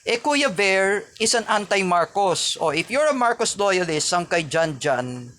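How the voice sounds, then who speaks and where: A man's voice: high voice, sing-song, bright, forceful tone, a little hiss or hum. A man with a Filipino accent, a vlogger ranting angrily and repetitively at a rival, stressed and insulting. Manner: angry, repetitive, insulting rant with frequent pauses. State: stressed and angry. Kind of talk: angry ranting vlog.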